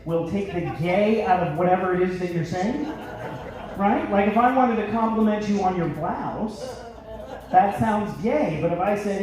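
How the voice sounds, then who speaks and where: A man doing a stand-up comedy set on a theater stage, brash and slipping into gruff voices for his bits. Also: high-pitched, measured pace, very echoey, recorded from a distance, a crowd in the background, poor audio. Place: large theater stage with live audience.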